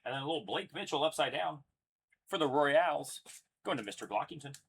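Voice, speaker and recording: A man's voice: fairly high pitch, lively intonation, brisk, vocal fry, fairly bright tone, husky. A young man casually announcing each card pulled as he hosts a live card break, chatty and upbeat. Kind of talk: live card-opening commentary.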